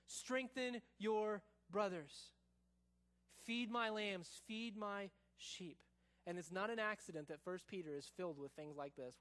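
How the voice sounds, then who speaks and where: A man preaching a sermon as pastor, explaining scripture with casual asides and dropping soft and low for quoted lines. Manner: casual asides, says y'all.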